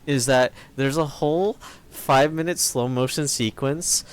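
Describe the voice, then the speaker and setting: A man's voice: mid-range voice, unhurried, smooth. A man co-hosting a podcast, complaining about films in exasperated, profane casual chat. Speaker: podcast co-host. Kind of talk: casual film review chat.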